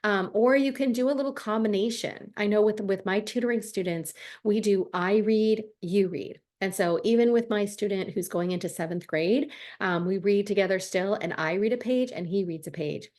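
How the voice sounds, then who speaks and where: A woman's voice: mid-range voice, normal speed, hardly any pauses, a little mellow. A woman who tutors reading, talking casually to camera with lots of ums and restarts. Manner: chatty, friendly, many ums and restarts. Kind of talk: casual advice talk to camera.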